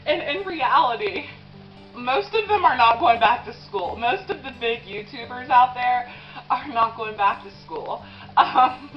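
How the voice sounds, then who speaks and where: A woman's voice: a little high, expressive, measured pace, dull audio, faint music behind. A woman in her twenties talking in a confessional vlog while eating, rambling with lots of "um" and "like", and tearful at times. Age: 20s. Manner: rambling, with many "um" and "like" fillers. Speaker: vlogger.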